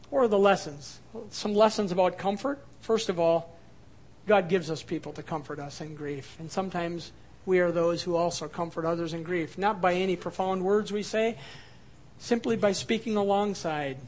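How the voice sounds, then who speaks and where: A man preaching a sermon as pastor, expressive, moving between quiet, soft passages and emphatic, louder ones. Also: sits high.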